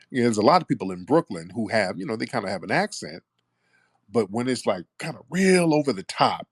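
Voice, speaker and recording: A man's voice: lowish voice, husky, no room sound. Male radio host, argumentative, teasing, casual call-in talk, dry close sound. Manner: animated, argumentative, teasing callers.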